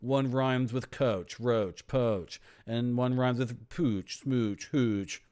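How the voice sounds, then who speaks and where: A man's voice: medium pitch, slow, a little mellow. A man from Toronto, playfully reading game text and rambling as a streamer. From Toronto, Canada. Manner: playful, rambling, toys with words. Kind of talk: gameplay commentary, reading game text aloud.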